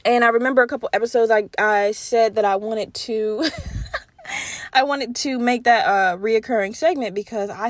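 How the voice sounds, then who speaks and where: A young woman hosting a casual solo podcast, talking candidly with lots of profanity and animated storytelling. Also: mid-range voice, no echo. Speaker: podcast host.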